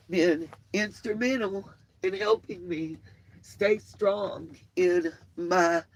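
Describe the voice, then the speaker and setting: A woman's voice: low-pitched, no room sound. Woman, casual vlog host, rambling, earnest, filler-heavy, cell phone mic, dry sound. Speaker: channel host. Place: inside a motorhome.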